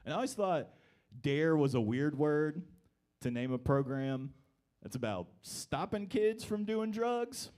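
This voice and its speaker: A young man works through a stand-up set at a live comedy club. His delivery is wry and deadpan, and his voice sits a bit high for a man. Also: a little slow.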